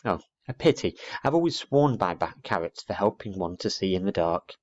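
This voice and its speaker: A man's voice: deep voice, lively intonation, moderate pace, a little mellow. A man voicing a fussy, prim, short-sighted old lady in a storybook reading, dull lo-fi recording. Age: older. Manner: prim, scolding, genteel.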